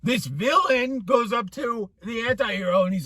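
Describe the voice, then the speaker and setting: High-pitched guy ranting about a movie, swears a lot, acts out the characters, dry close sound. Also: normal speed, hardly any pauses, husky, no room sound. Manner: animated, profane, acts out characters mid-story. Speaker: movie reviewer, co-host. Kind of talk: casual rant-style review chat.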